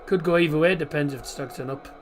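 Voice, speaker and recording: A man with a Teesside accent hosting a live football watchalong, chatting easygoingly with ums and restarts, and reading team lineups in a steady list. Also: fairly high pitch, quick pace. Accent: Teesside English. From Middlesbrough, England. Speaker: watchalong host.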